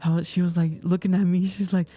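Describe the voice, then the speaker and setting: A young man retelling a personal story in an emotional, halting way, repeating himself often. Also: high voice, level tone, mellow. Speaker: casting participant.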